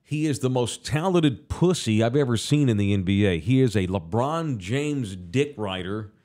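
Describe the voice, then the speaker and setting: Man, talk show host, swearing rant, pitch all over the place, mid voice. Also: normal speed. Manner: profane, ranting, animated. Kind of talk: casual studio talk show.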